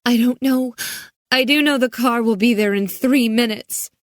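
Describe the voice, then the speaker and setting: A woman voicing a frightened teenage girl, high and pleading, on the verge of tears. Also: moderate pace, no room sound, clean studio sound, natural voice. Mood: terrified.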